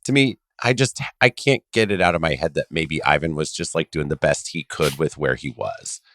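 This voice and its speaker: A man's voice: rumbling low, normal speed, a bit bright, dry recording, studio quality. A man co-hosting a casual review podcast, talking with enthusiasm and swearing freely. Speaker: podcast co-host.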